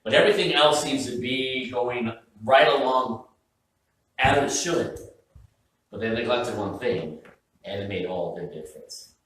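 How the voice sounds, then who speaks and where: Joking pastor preaching in an echoey church. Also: male voice, medium pitch, measured pace, a bit bright, far from the mic. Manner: conversational, joking, self-interrupting. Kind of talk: sermon. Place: church sanctuary.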